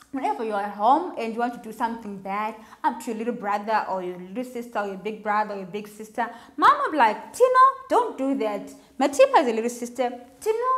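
A woman leads a children's sermon. Her somewhat high voice swings up and down in an animated, sing-song way as she talks directly to the boys and girls. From Zimbabwe. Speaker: children's Sabbath speaker.

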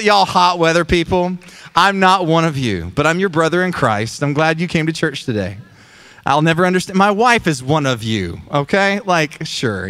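High-voiced joking pastor. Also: male voice, sharp tone, clear, resonant tone. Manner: chatty, joking with the congregation. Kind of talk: sermon. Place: church sanctuary.

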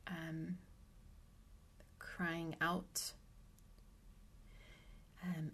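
A middle-aged woman from the US Midwest, a podcast guest, telling a personal story in an animated, vivid way and sometimes dropping to a hushed whisper. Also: on the low side.

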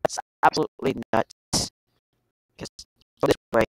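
A woman giving casual gameplay commentary, excitable, yelping and exclaiming at the game with lots of slang. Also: a little slow, dry recording, poor audio. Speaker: gameplay streamer.

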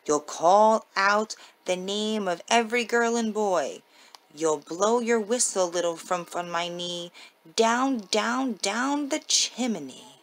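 A woman voicing a kindly old Santa Claus in a storybook reading, in a gentle, lilting voice. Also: medium pitch, slow pace.

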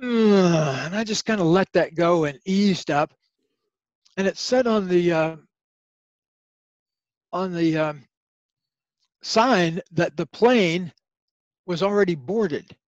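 Older man telling stories, bright tone. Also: high voice, slow pace, pauses often, no room sound, highs cut off. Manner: animated storyteller, acts out voices in anecdotes. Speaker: guest author. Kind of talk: storytelling in a podcast interview.

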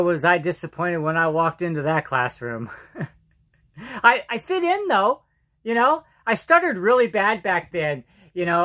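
A middle-aged man with a light, fairly high voice for a man, telling self-mocking stories in a loose vlog ramble. He stumbles over words, doubles back, and chuckles at his own jokes. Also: sharp tone. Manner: halting, with restarts and repeated words. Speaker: vlogger. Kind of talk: casual storytelling monologue.

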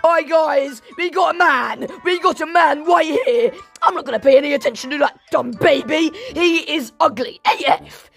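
High, gravelly-voiced woman gaming host. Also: moderate pace, few pauses, faint music behind. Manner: excitable, shouty, mock-formal asides. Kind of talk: let's play game commentary.

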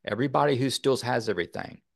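A man's voice: mid-range voice, fast talker, vocal fry, no room sound, studio quality. A man from Texas, a podcast guest, talking earnestly in a rambling way with many fillers. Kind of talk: casual interview talk.

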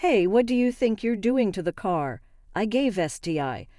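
A woman's voice: mid-range voice, expressive, normal speed, dry recording, studio quality, natural voice. A woman voicing a stern, imposing grown man who speaks sharply and gives orders. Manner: sharp, commanding.

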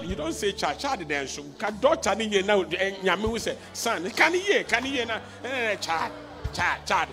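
Ghanaian male pastor, 40s; high, very animated delivery, hushed one moment, shouting the next. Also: normal speed, music in the background. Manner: impassioned preaching that swings from hushed storytelling to shouting. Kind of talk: sermon.

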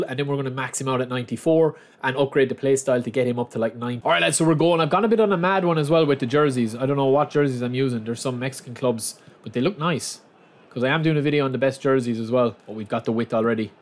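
A man's voice: mid-range voice, quick pace. A young man giving casual, chatty commentary on a football video game, often calling his viewers lads. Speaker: gaming channel host.

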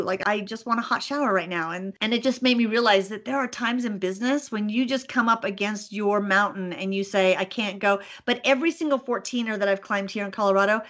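A middle-aged woman talks in a relaxed podcast interview. She tells her stories with animation, often laughing and acting out her own thoughts. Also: mid-range voice. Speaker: podcast guest, business owner. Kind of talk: casual interview.

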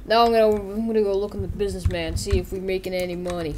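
A woman chats through her gameplay at a desk mic, rambling and jokey, often rushing her asides. Faint keyboard typing is heard behind her voice. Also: medium pitch, level tone, darkish tone, slight background noise. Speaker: gameplay video creator. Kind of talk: casual game roleplay commentary.

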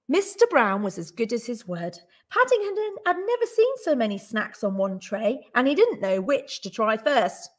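Woman teacher, storybook reading, higher voice, very lively intonation. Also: normal speed, few pauses. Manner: expressive, clear storytelling. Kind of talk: reading a picture book aloud to children.

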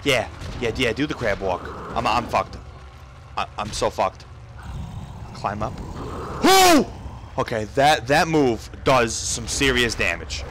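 Slightly slow and medium in pitch, this young man narrates his video game over background noise. The commentary is a profane let's-play, full of frantic swearing, yelps and shouts.

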